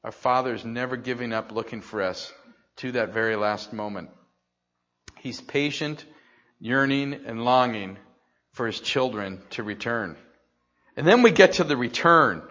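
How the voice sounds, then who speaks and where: Older guy preaching, goes quiet and slow then gets loud and excited, kinda dull recording. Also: medium pitch. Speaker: pastor. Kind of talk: sermon. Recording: slightly dull, lo-fi.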